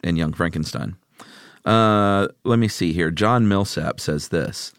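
A man's voice: low voice, takes it slowly, smooth, no echo, clean studio sound. A man co-hosting a casual podcast chat, playful and reading jokes aloud with mock drama. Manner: playful, animated, reads quips with mock drama. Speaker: podcast co-host.

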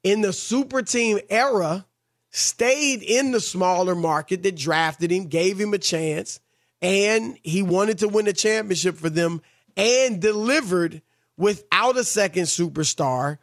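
Male sports-talk host, high-pitched, dry close mic, emphatic delivery. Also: measured pace, dry recording.

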